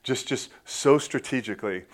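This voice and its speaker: A man preaching a sermon in a conversational way, often dropping into soft, intimate tones and saying "man". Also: mid-range voice, moderate pace. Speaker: pastor.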